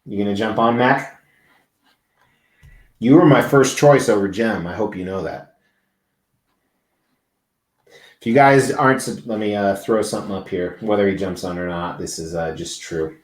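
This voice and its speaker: Guy with a lowish voice rambling on a livestream, swears a lot, roomy echoey sound. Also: moderate pace, pauses often. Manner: rambling, chatty, swears freely. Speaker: livestream host. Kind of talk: casual live-stream chat. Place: large indoor convention venue.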